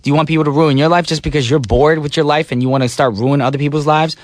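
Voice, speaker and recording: A man's voice: on the high side, steady tone, rapid-fire. A man hosting a pop radio show from a studio, talking with playful, slangy energy. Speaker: radio DJ and host. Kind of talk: radio DJ chat. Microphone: studio microphone.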